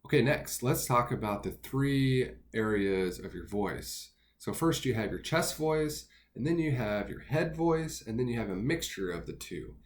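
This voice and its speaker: A man teaching singing basics in a relaxed, step-by-step way, pausing with fillers between his explanations. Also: mid-range voice. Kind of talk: instructional talk with sung demos.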